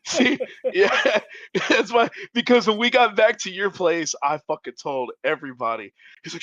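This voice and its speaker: A man telling a funny story on a podcast in a casual, animated way, laughing and acting out the people in it. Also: high voice, normal speed, dry recording, highs cut off. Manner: animated, laughing, acts out voices. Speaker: podcast co-host.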